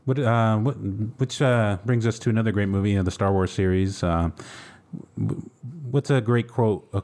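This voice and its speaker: This podcast co-host has a lowish, somewhat dark male voice and talks at a normal speed. He chats casually but hesitantly, leaning on lots of fillers.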